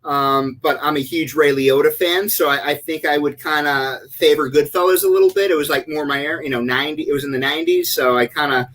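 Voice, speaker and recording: Easygoing thirties male guest, slightly high voice, relaxed chat with occasional stammers. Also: fairly quick, few pauses, rough recording. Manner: easygoing, laughs often, some stammering. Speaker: deli and sausage shop owner, guest. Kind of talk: casual chat.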